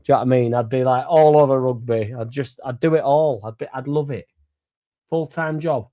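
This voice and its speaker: Young lad, fan-channel host, tipsy and sweary, mellow tone, loose and rambling. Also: male voice, mid-range voice, fairly quick, muffled recording. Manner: rambling, sweary and laddish, laughing between lines. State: a bit drunk. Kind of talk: casual livestream chat.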